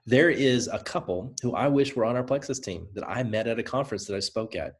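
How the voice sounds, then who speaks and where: A man with a Southern US accent gives a motivational talk to a team of sellers. His delivery is energetic and conversational, like a coach. He stays direct and drives each point home by saying it again, in a voice of ordinary middle pitch. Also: a little fast. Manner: direct, repeats points for emphasis. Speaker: presenter.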